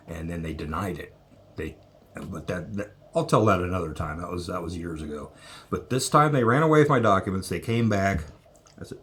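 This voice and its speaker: A man's voice: deep voice, moderate pace. A man vlogger telling a travel story in an indignant, casual way, repeating himself in bursts.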